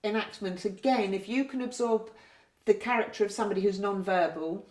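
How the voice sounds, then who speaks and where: A nurse explaining care to health staff in a gentle, patient way, often ending points with tag questions. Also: female voice, mid-range voice, a little fast. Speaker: community learning disability nurse. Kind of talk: training talk with role-play. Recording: roomy echo.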